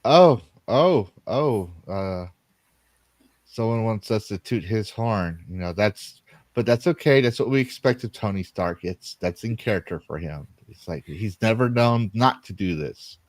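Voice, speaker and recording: Low-voiced man hosting a casual stream. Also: measured pace, dry recording. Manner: rambling, reads out viewer donations. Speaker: stream host. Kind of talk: casual livestream chat.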